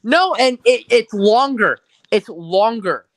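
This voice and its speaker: A co-host in a casual live chat, curious and quick to jump in with opinions. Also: medium pitch, animated, no room sound. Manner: curious, chatty, jumps in with opinions.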